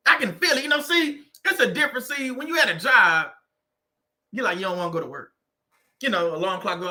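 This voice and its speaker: Male host, high voice, preachy, repeats lines for emphasis. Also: expressive, brisk, pushed and bright. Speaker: host of a faith-based livestream on narcissistic abuse. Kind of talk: live-stream motivational talk.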